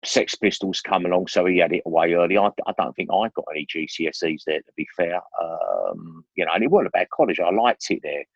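A man's voice: low-pitched, a little fast, vocal fry, few pauses, husky, dry recording. A man, telling stories as an interview guest in a chatty, slangy way with lots of restarts, on a dull, dry recording. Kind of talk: rambling casual storytelling.

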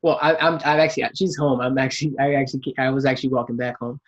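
A man tells a story in a casual chat and acts out every quote he retells. His voice is slightly husky, and the sound is dull and lo-fi. He pitches his delivery mid-range for a man. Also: fast talker. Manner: animated storyteller, acts out quotes, laughs while telling.

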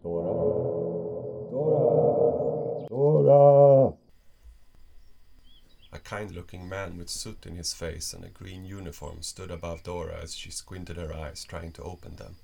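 A man reading a story aloud as narrator, in a slow, measured way. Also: low voice, flat delivery, gravelly, a little hiss or hum.

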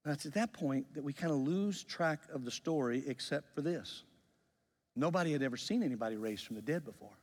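A male pastor preaching a sermon, telling the story with lively acted-out voices. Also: on the high side, a little fast. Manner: animated storytelling, acts out quoted voices. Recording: long reverb of a large hall.

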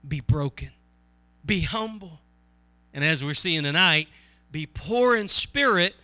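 A man preaching a sermon in an earnest, conversational way, asking his listeners questions and reading scripture slowly and with emphasis. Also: on the high side, expressive, pushed and bright, dry recording.

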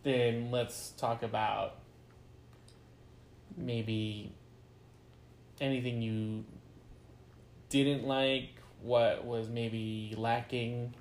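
Guy hosting a chill podcast chat, talks real slow and measured, bit of faint noise behind. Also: medium pitch, little pitch movement, reverberant. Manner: slow, measured, leads the discussion. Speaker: podcast co-host. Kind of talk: casual chat.

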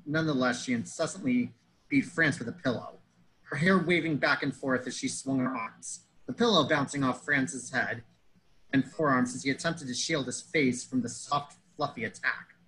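A man's voice: mid-range voice, moderate pace, fairly bright tone, low-quality recording. A man telling a comedic story in a pedantic, wordy way, fussing over grammar and metaphors.

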